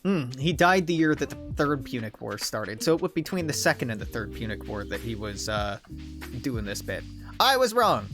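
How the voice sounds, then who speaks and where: A man's voice: medium pitch, expressive, moderate pace. A man casually streaming a game from his desk at home, rambling off topic with plenty of swearing. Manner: rambling, digressive and profane. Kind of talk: casual rambling gameplay commentary. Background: faint game music.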